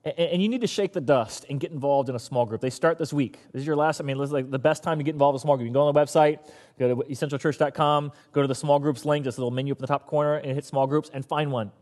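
A man preaching a sermon as pastor, an animated storyteller who acts out the characters. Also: fairly high pitch, racing, long reverb tail.

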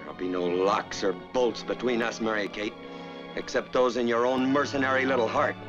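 An actor playing a stern, defiant newlywed husband in an old film, speaking in a firm, clipped way. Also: male voice, medium pitch, steady tone, moderate pace, lightly acted. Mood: cold. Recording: muffled old film soundtrack with loud music.

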